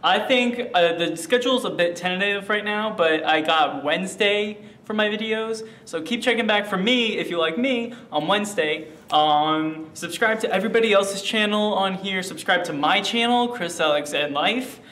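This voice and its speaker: A man's voice: high-pitched, moderate pace, few pauses, bright, forceful tone. A young man from New Jersey giving an upbeat, filler-heavy vlog sign-off. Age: young adult. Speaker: channel member.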